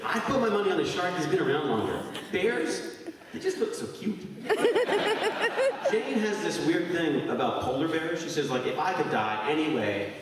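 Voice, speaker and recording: A man's voice: a little high, sing-song, normal speed. Rambling, jokey man in an echoey hall. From Canada. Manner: rambling, jokey, laughs often. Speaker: convention guest. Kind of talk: answering fan questions on stage. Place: large convention hall. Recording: echoey hall recorded from far off with noise.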